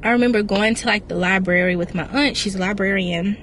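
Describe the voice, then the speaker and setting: A woman's voice: mid-range voice, fairly quick, a bit bright, a little hiss or hum. A young woman vlogging casually, rambling candidly and emotionally and sometimes talking to herself. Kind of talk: casual reflective vlog chat.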